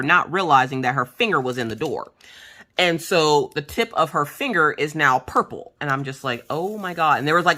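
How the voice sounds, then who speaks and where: A woman vlogger chatting casually while crafting, telling stories from home in an animated, blunt way and acting out what people said. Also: low-pitched. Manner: animated, acts out quoted voices. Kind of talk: casual storytelling chat.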